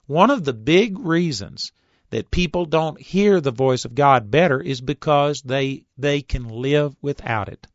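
A man in his fifties giving an earnest Bible teaching, reading scripture slowly and deliberately, on a recorded tape. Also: on the high side, lively intonation, no echo. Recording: dull, dry tape recording.

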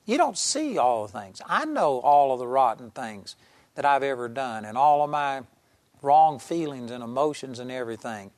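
A man's voice: mid-range voice, lively intonation, normal speed, darkish tone, no room sound. A man preaching a televised sermon, telling a story earnestly and with emphasis, acting out the people in it.

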